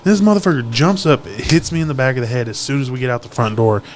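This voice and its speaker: A young man, telling profane, animated stories in a casual podcast chat. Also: mid-range voice, quick pace. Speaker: podcast host.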